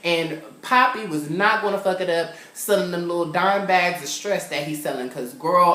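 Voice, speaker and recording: A young man from California talks in a sassy, animated way, slipping into the characters as he recaps. His delivery is casual, like a chat with friends. The room around him rings with a noticeable echo. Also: high-pitched, moderate pace, hardly any pauses. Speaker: TV show reviewer. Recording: roomy echo.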